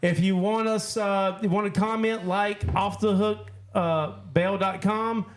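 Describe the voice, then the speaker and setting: A man hosting a podcast, chatting loosely and jokingly with drawn-out uh's between phrases. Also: high-pitched, fairly even intonation, slight background noise. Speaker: podcast host. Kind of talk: casual chat.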